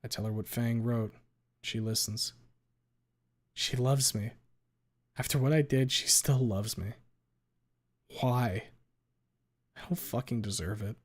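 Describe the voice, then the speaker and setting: A man of middling pitch reads a first-person story aloud for his stream. He throws feeling into it, hurrying through some passages and lingering on others. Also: a little mellow. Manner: emotional, pace swinging between rushed and drawn out. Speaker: streamer reading a fan fiction aloud.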